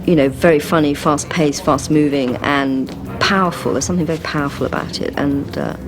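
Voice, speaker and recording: A woman's voice: low-pitched, steady tone, brisk, background noise. A woman talking about a film in an interview in an enthusiastic, chatty way.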